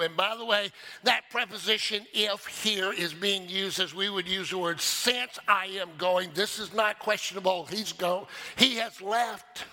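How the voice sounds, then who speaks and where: A man's voice: high voice, measured pace, pushed and bright. A man preaching a sermon as pastor, emphatic, calling on the congregation for a response.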